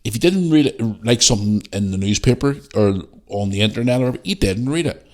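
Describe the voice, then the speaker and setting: A man's voice: on the low side, lively intonation, quick pace, darkish tone. A Northern Irish man hosting a podcast, ranting bluntly and animatedly with heavy swearing. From Northern Ireland. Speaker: podcast host. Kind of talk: casual podcast rant.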